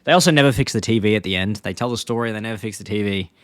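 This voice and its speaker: A man's voice: fairly low pitch, very fast, a bit bright, no room sound. A male podcast co-host, casually chatting and recapping a cartoon episode in a rambling way. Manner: rambling plot recaps, acting out quotes in bursts.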